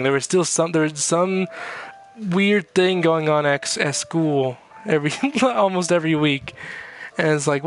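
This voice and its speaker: A man's voice: on the high side, a bit bright. A young man vlogging in a casual, rambling way, swearing often and laughing at himself as he reads chat. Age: young adult. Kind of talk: casual chat reacting to chat messages.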